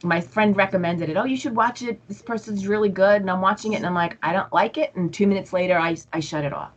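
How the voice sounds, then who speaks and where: Speaking fast in a mid-range voice, a woman appears as an interview guest who works as an empath coach. She tells stories casually and with animation, acting out her own inner voice, though the audio is dull.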